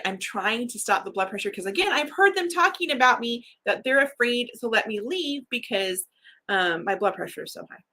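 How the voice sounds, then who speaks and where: Bright, husky-voiced woman telling a story. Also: on the high side. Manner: frank and emotional, laughs often. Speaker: writer hosting a livestream. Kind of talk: candid personal storytelling.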